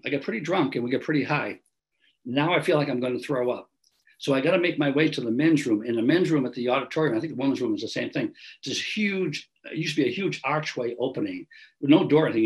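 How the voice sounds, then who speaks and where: A man's voice: medium pitch, low-quality recording. A man, telling his recovery story in an earnest, conversational way over a video call. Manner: earnest, conversational, repeats phrases, frequent "right?". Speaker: recovery meeting speaker. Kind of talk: personal testimony talk.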